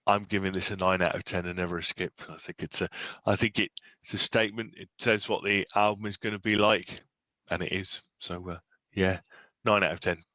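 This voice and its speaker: Hesitant low-voiced male podcaster. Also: steady tone, brisk, bright, forceful tone, dry recording. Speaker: podcast co-host. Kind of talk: casual music review chat.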